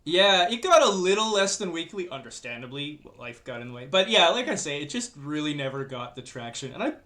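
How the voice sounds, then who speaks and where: A man's voice: on the high side, sing-song, fairly quick, sharp tone. A man with a Canadian accent, a guest on a podcast, chatting in an easygoing, wry way. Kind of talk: casual chat.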